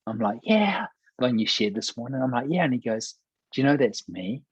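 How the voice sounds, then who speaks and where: A pastor telling a personal testimony in conversation, earnest and acting out quoted dialogue. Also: male voice, mid-range voice, fast, husky, dry recording, highs cut off.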